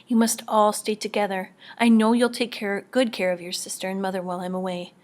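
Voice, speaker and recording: A woman reading as a gentle father saying goodbye to his children, calm and urgent in a hushed voice. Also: medium pitch, fairly quick, lightly acted. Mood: tender urgent.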